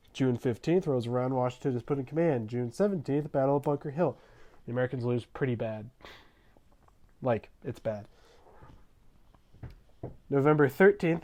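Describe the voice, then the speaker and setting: Young man, slangy comic narration, deadpan asides, casual gamer talk. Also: medium pitch. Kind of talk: comedic history narration over gameplay.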